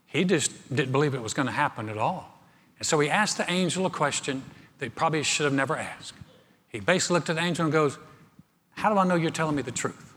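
A man preaching in a storytelling, humorous way, often repeating words. His voice is fairly high for a man. A long reverb trails his voice, as if in a large church. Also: sharp tone, husky. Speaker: pastor. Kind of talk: sermon.

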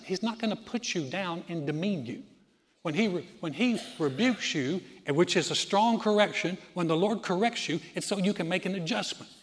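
A man preaching, his voice on the high side as it rings through a reverberant church hall. He talks to the congregation in a folksy way and drops to a hushed tone for his stories. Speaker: pastor. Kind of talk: sermon.

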